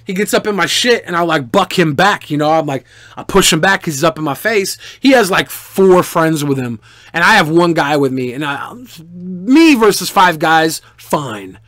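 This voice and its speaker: Animated, profane man telling stories. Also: a little high, normal speed, no room sound, clean studio sound. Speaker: streamer answering viewer questions. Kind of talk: casual storytelling.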